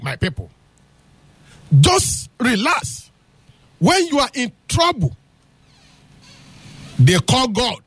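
A male storyteller with a Nigerian Pidgin accent who talks straight to his listeners. His voice sits high for a man and swings widely in pitch. The recording is close and dry. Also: breathy edge, no echo. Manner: animated, addresses listeners directly. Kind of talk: casual spoken storytelling.

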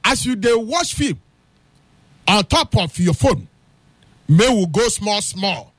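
Animated Nigerian Pidgin male storyteller. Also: high-pitched, slow, dry recording. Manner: animated, addresses listeners directly. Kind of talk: casual spoken storytelling.

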